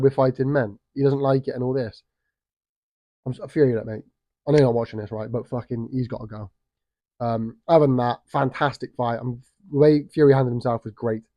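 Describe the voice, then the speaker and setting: Man, boxing YouTuber, casual commentary, swears a lot, repeats himself, warm dark tone. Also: medium pitch, dry recording.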